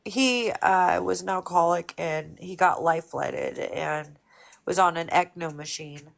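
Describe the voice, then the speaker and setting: A woman in her forties, speaking as a guest on a live stream, candid and emotional, talking haltingly. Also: lowish voice, creaky. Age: 40s. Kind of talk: personal conversation.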